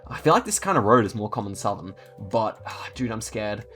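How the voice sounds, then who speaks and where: A man's voice: fairly low pitch, sing-song, a little fast, fairly bright tone, faint music behind. A man giving casual commentary on his own game, thinking aloud and stumbling over words with frequent fillers.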